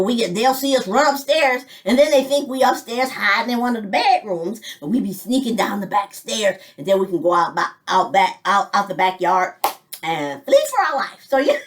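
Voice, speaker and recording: A woman's voice: on the high side, far from the mic. A woman from Detroit telling rambling childhood stories in a casual way, jumping between memories and chuckling often. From Detroit, United States. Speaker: vlogger telling family memories. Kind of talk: casual storytelling.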